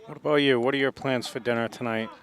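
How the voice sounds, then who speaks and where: A man with a middle-pitched voice gives color commentary for a local baseball broadcast. He sounds relaxed and friendly, and he mixes his game analysis with casual banter. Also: quick pace.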